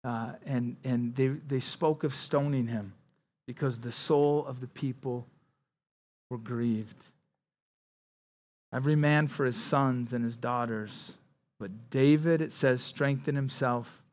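A man pastor preaching a Bible-study sermon in a conversational way, dropping quiet on somber lines and rising on emphasis. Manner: conversational preaching, with frequent "like" and "right?" asides and repeated words; drops his voice low and quiet on somber lines, rises louder on emphasis.

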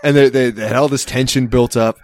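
A man's voice: medium pitch, steady tone, brisk, a little mellow, dry recording. A man in casual chat, telling a rambling story with plenty of swearing and laughter.

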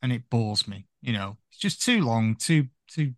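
A man's voice: medium pitch, big pitch swings, normal speed, no echo, clean studio sound. A man guest on a podcast, chatting casually about a film in a rambling way, full of "you know".

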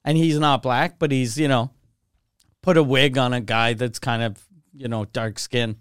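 A young man co-hosts a casual podcast, chatty and fond of mimicking voices. His mid-range voice is fairly bright and fairly even in intonation at a normal speed. The recording is dry, with a clean tone and clean studio sound.

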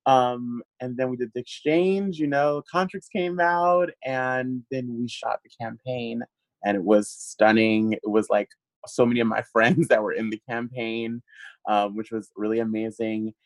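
A man's voice: medium pitch, unhurried, no echo, low-quality recording. Chatty man telling a story, dry sound. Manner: animated storyteller, laughs often, many fillers. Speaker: guest. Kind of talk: casual interview chat.

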